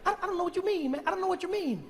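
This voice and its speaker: A man's voice: extremely high pitch, expressive, racing, long reverb tail, a little hiss or hum. A man doing a starstruck, rambling young man in a stand-up impression, gushing in a rush of words. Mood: confused.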